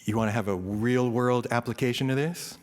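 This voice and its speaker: A man giving an informal, self-deprecating Dharma talk, peppered with "right?" asides and rising into animated rants. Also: mid-range voice, a little fast. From US East Coast. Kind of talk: informal sermon. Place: temple hall. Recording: reverberant hall.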